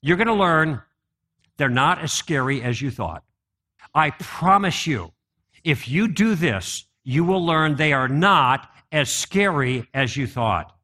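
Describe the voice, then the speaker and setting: A man's voice: a little high, animated, slow pace, sharp tone. A man giving a conversational apologetics talk to a live audience, often asking them questions. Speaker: apologetics speaker.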